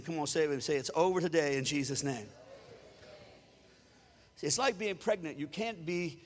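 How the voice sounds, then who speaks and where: A man preaching a sermon as pastor, animated and preachy, rising into loud shouts. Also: high-pitched, in a large hall.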